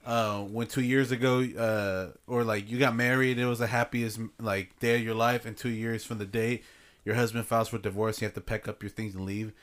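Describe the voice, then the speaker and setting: A man's voice: lowish voice, little pitch movement, fairly quick, fairly bright tone. A young man co-hosting a podcast, joking and teasing in a crude, casual way. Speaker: podcast co-host. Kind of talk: casual chat.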